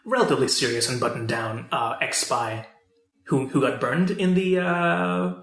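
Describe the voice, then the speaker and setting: A man with a bright, forceful voice rambles through a casual movie chat, full of fillers and false starts. His voice bounces around an echoey room. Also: mid-range voice, moderate pace, creaky. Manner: rambling, many fillers and restarts. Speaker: podcast co-host.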